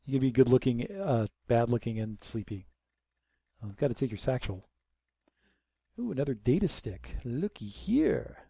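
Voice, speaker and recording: A young man giving casual gameplay commentary, joking and sarcastic, muttering quietly during stealth moments. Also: mid-range voice, sing-song, moderate pace, creaky, pauses often, husky. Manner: joking, sarcastic, drops to a mutter while sneaking. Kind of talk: casual let's-play commentary.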